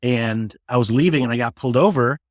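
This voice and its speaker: A middle-aged man from Florida talks through his personal stories as an interview guest. His voice sits at an ordinary middle pitch, recorded close and dry with no room sound. He slips into the voices of the people in his stories and often restarts his sentences. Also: a little fast, dry recording. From Florida, USA. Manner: animated storyteller who acts out quoted dialogue, frequent restarts. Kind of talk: casual storytelling interview.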